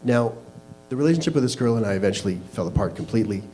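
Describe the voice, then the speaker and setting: Telling an audience in a small venue a candid story about himself, this Canadian man laughs at himself as he races along. His fairly low voice is expressive and dark, and the rough recording has a little hiss or hum.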